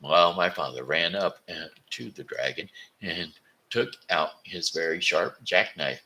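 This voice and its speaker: A man's voice: sits low, measured pace, sharp tone, poor audio. A man from Missouri reading a children's book aloud, stumbling now and then and correcting himself. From Missouri, USA.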